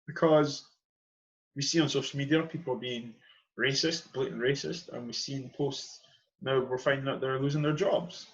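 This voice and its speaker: Speaking at a normal pace in a mid-range voice, this young Edinburgh podcast host delivers an earnest, passionate monologue, hammering home and repeating his main points. The recording quality is lo-fi.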